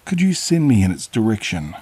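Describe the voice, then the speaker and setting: A man's voice: fairly low pitch, big pitch swings, a little fast, warm tone, breathy edge, no room sound, pitched above the performer's own voice. A man voicing a gnarled, hunched old male creature with a thick Buckinghamshire accent, overly polite, sly and grinning. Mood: pleased.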